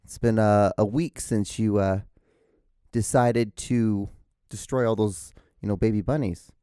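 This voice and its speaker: A man's voice: fairly low pitch, fairly even intonation, unhurried, mellow, clear, resonant tone, no room sound, clean studio sound. A man hosting his own podcast from home, rambling casually with lots of stammered restarts and swearing. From outside the United States. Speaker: podcast host. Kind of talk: casual solo podcast rant. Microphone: podcast microphone.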